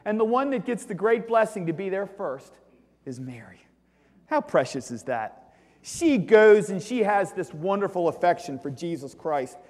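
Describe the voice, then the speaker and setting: A man preaching a sermon as pastor, emphatic, swinging between loud exclamations and hushed asides. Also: high voice, sing-song, moderate pace. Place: church sanctuary. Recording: long reverb of a church hall.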